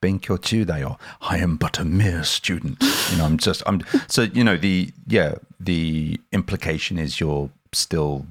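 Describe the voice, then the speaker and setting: A man with a very deep voice co-hosts a casual lesson and adds relaxed clarifying asides. The recording is dry and close. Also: a little slow, hardly any pauses, dry recording. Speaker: co-host.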